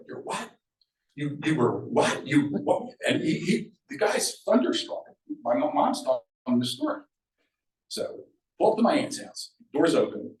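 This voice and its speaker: At a public storytelling event in a museum room, an older local man from Sea Isle City, New Jersey, reminisces in a middle-pitched, lively, conversational voice, animating the people he quotes. The microphone is far away, giving the recording a roomy, echoing sound.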